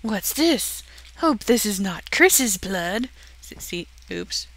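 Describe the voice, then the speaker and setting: A woman's voice: medium pitch, big pitch swings, slow, fairly bright tone. Giggly, chatty young woman touring a game build. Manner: giggly, self-deprecating, chatty. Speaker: channel host touring her build. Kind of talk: casual game walkthrough commentary.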